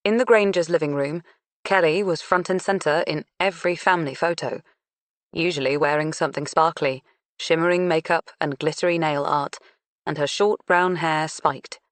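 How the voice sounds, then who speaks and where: A woman narrating an audiobook in a measured, unhurried reading. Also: low voice, fairly even intonation, dry recording. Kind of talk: scripted narration.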